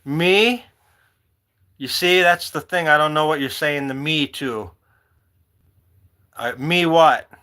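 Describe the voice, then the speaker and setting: A man chatting away on a livestream, his voice bright and forceful. He drifts between stories and talks to viewers by name. His pitch sits a little high for a man. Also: measured pace, long pauses, clear, resonant tone. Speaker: livestream host. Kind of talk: casual live-stream chat.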